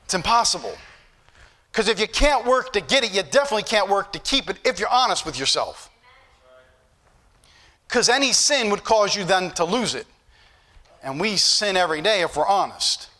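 A man's voice: high voice, sharp tone. A man preaching a sermon as pastor, folksy and joking at times, then building to emphatic points. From northern United States.

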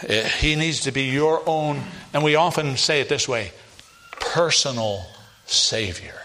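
A man preaching a sermon, reading scripture aloud and pressing his points with emphatic rises and low, weighty drops. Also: moderate pace, slight background noise. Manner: emphatic, rising to loud stresses and dropping low for weight; reads scripture aloud in King James wording.

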